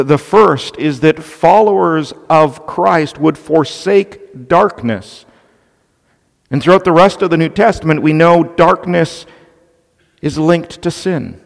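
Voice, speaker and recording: Man, preacher, gravelly, very slow, emphatic sermon, long hall reverb. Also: on the high side. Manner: slow, deliberate and emphatic, with repeated restarts. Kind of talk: expository sermon.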